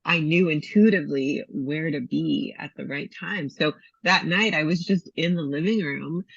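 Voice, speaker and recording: A woman's voice: deep voice, normal speed, creaky, breathy edge, no room sound. A woman retreat host chatting casually and reflectively with a guest. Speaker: retreat host and iboga provider. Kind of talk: casual conversation. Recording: dull lo-fi recording.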